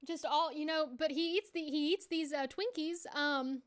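High-voiced chatty woman podcaster. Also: moderate pace. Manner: chatty, animated storyteller with fillers. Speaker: podcast co-host. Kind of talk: casual recap chat.

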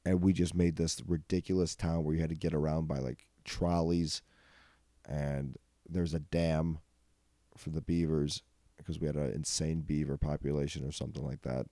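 A man's voice: a bass voice, little pitch movement, moderate pace, mellow, no room sound. A young man hosting a comedy podcast, telling rambling, profane stories and laughing often. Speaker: podcast host. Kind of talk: casual comedic storytelling.

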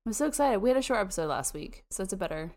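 Young woman, from the US, podcast co-host, casual chat, excitable, laughs a lot. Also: medium pitch. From United States. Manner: excitable, quick asides, laughs often.

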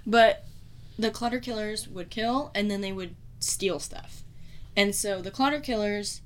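Speaking at medium pitch and slightly slowly, a woman hosts a laid-back true-crime podcast. She curses constantly, ridicules the killer, and frequently breaks into laughter.

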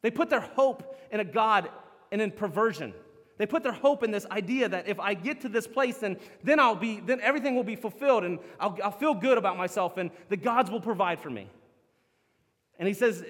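A man preaching a sermon as pastor, animated, acting out the lines he quotes. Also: high-pitched, fairly quick. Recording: long hall reverb.

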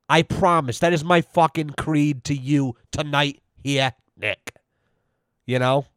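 The host's voice is a little high, captured in clean studio sound without any room noise. He's ranting with mock gravity on his own podcast, cursing and saying "you know" again and again.

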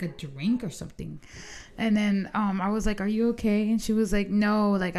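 Swearing young woman telling stories. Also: mid-range voice. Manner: animated storytelling, frequent swearing and "like". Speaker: podcast co-host. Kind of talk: casual chat.

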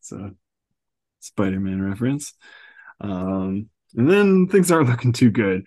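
A man's voice: fairly low pitch, animated, a little slow, darkish tone. A man hosting a podcast, casually recapping a comic book with fillers and chuckles. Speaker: podcast host.

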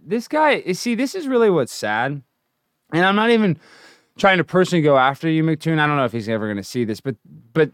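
A man rants and rambles as host of his own livestream, talking to his chat. His voice sits a bit high for a man. The sound is dry and close, with no room around it. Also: dry recording. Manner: rambling, animated, hyped intro then ranting. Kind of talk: casual livestream rant.

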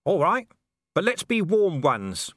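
A man's voice: high voice, huge pitch swings, slow pace, no echo, studio quality, voice pushed up, exaggerated voice. A man voicing a scruffy, cheeky watchman who talks in a cocky, matter-of-fact way.

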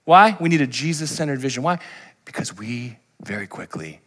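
A man preaching a sermon as pastor, telling Bible stories in a lively, humorous way and acting out the characters. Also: medium pitch, brisk. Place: church.

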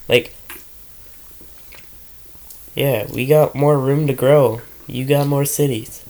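A man's voice: mid-range voice, fairly even intonation, darkish tone. Rambling, joking guy. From Canada. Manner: rambling, joking, swears freely, breaks into quick imitations. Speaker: podcast co-host. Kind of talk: casual chat.

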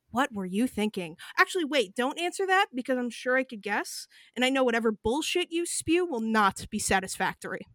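A woman voicing a scornful, menacing male naga changeling, speaking in a deep, sneering tone. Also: fairly bright tone. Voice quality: deep, echoing voice. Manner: sneering, swearing scolding.

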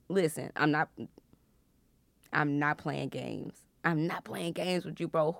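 Young woman doing bible talk, lively swoopy pitch, gravelly edge, dry close sound. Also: takes it slowly, no echo. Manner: animated, laughs loudly and often, playful preacher tone. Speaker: faith podcast host. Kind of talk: casual Bible teaching.

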